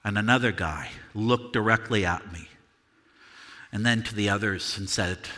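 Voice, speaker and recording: A man performing a first-person monologue as the Apostle Peter, earnest and confessional, halting over repeated words. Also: on the low side, pushed and bright, in a large hall. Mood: tense. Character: Apostle Peter, a remorseful fisherman recounting his denial. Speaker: dramatic monologue performer at a church service. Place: church sanctuary.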